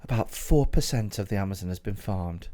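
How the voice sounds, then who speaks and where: A man's voice: on the low side, a little fast. A man, co-hosting a comedy podcast in casual, sweary banter and teasing his co-host. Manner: teasing, sweary, animated and lively.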